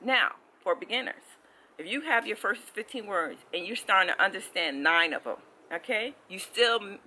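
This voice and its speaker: A casual vlogger explains how they study a language, with a bright, slightly sharp tone. The talk is animated and loose, with frequent restarts and repeated "okay?" check-ins to the viewer. The pitch sits in an ordinary middle range. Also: normal speed, rough recording.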